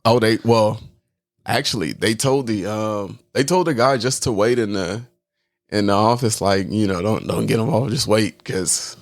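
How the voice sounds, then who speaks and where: A man's voice: fairly low pitch, a little slow, no echo. A young man co-hosting a podcast, telling rambling, repetitive anecdotes in casual chat. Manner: rambling anecdotes, repeats words, laughs while telling. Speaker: podcast co-host.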